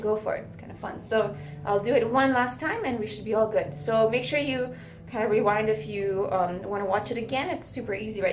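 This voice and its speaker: A woman teaching drum fills in a video lesson, explaining step by step and often checking in with "right?". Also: medium pitch. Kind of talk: video lesson, counting rhythms aloud. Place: music school room with drums. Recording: echoey room with loud drumming.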